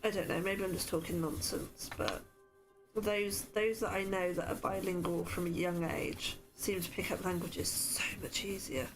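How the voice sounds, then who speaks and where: Woman, Wiltshire accent, relaxed crafting-stream chatter with soft background music. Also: lowish voice, moderate pace. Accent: Wiltshire English. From Wiltshire, England. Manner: chatty, self-deprecating, reads out chat messages. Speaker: card-making streamer. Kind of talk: casual chat while crafting.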